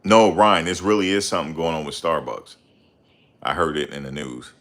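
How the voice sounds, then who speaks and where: A man hosting a casual livestream, reading viewer comments and ranting heatedly with loud outbursts and repeated phrases. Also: a bass voice, brisk. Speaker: livestream host.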